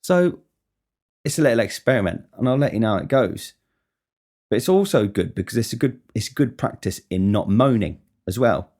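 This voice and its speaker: A man's voice: mid-range voice, expressive, moderate pace, darkish tone. A man talking casually on his podcast in a rambling monologue, swearing constantly and wryly. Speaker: podcast host.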